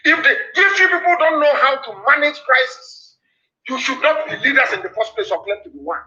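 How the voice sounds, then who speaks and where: Animated and a bit fast, a male activist broadcaster with a Nigerian English accent hammers home his denunciations, warning listeners over and over in an impassioned political speech. A piercing, tense brightness marks his unusually high voice, and the dull, lo-fi recording resembles a replayed broadcast.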